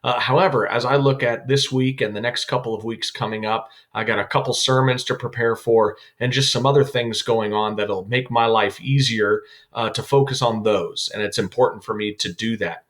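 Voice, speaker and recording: A man, a youth pastor, teaching a Bible devotional in a calm, explanatory way with frequent "uh" fillers. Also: medium pitch, moderate pace, few pauses.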